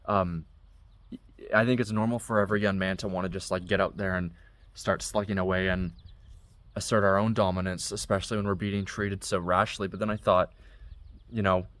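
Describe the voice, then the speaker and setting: A man's voice: low voice, a bit bright, dry recording. A young man casually telling a story from his own life, step by step, in a conversational way. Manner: conversational, recounting events step by step. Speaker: vlogger.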